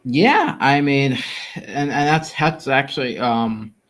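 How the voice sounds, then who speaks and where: A man hosts a relaxed interview, speaking in a halting way. He repeats words and fills pauses while searching for what to say next. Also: mid-range voice. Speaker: interviewer, host. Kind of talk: casual interview chat.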